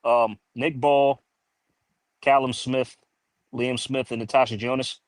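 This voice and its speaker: A man's voice: medium pitch, little pitch movement, slow pace, no room sound. American guy co-hosting, laid back, dry close sound with no room. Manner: easygoing, agreeing, musing aloud. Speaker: co-host. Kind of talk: casual chat.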